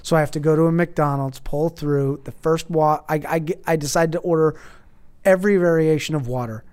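A man's voice: a little high, fairly even intonation, a little fast, a little mellow, clean tone. A man in casual chat, telling a long story with many restarts and false starts.

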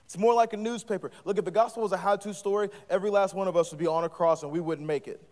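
A man preaching live from the stage, his voice sitting high for a man. He talks in a passionate, emphatic preacher's way that swells into urgent pleading calls. A long hall reverb trails every phrase. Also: fairly even intonation, very fast, darkish tone. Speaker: guest preacher. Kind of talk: live sermon. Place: church or student ministry hall.

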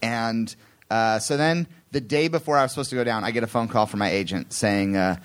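A man telling a long, self-deprecating anecdote on a live theatre stage, rambling and slipping into quick impressions of other people. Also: lowish voice, clean tone. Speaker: comedian guest telling a story.

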